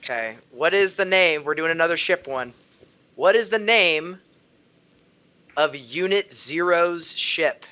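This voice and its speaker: A man co-hosts a casual watch-along over a video call. He jokes and cries out at what he is watching. His voice is bright and fairly high, and his pitch swings widely. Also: expressive, a little slow. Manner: exclaiming, jokey. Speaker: co-host.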